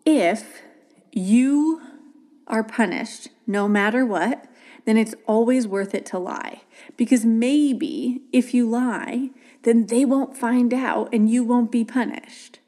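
A woman hosting a podcast, telling a story about a child in a casual, gentle way. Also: fairly high pitch, slow pace. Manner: warm storytelling with gentle quoted dialogue. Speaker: podcast host.

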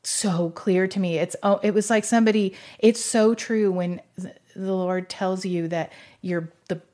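A woman's voice: mid-range voice, fairly even intonation, measured pace, dark tone. A middle-aged woman telling her conversion story in a conversational way, emotional and rambling, with many restarts and "you know"s. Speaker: guest sharing her faith story. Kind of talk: conversational testimony.

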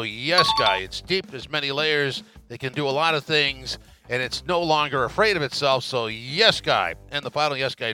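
A man's voice: medium pitch, sharp tone. A man hosting a casual sports podcast, chatting and then running a playful sign-off segment. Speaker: podcast host.

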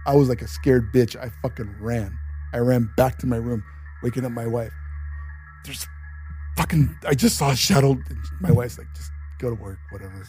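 A man's voice: medium pitch, husky. A man co-hosting a podcast, telling a spooky story in loose casual chat and swearing often. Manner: swears a lot, animated storyteller. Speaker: podcast co-host.

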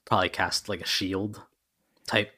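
A man narrating a tabletop game as game master in a relaxed way, with many ums. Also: low voice, moderate pace.

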